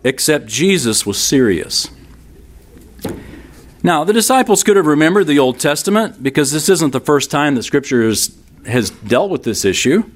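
A man's voice: on the high side, big pitch swings, normal speed. A man teaching a Bible class in a sermon style, emphatic, repeating key lines and speaking straight to his listeners.

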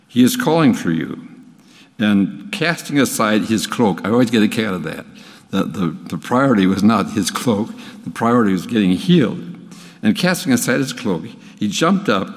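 Older male preacher in a reverberant hall. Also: on the low side. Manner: folksy, plain-spoken, with small restarts. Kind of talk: sermon. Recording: long reverb of a church hall.

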